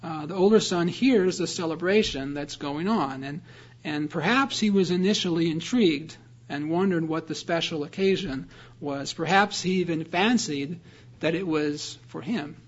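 A man's voice: a little high, normal speed, muffled recording. A man preaching a sermon, explaining a scripture passage earnestly and reading verses aloud. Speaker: pastor.

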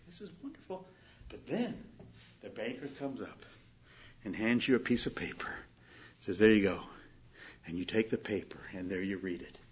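A man preaching a sermon, swinging from loud emphatic declarations to quiet, hushed storytelling. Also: fairly low pitch, breathy edge, highs cut off. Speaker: pastor.

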